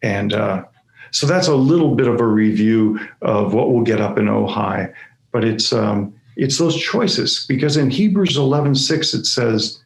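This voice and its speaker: A man speaking at a conference, telling a personal story with halting, stammering restarts. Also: medium pitch, animated, gravelly. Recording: echoey room.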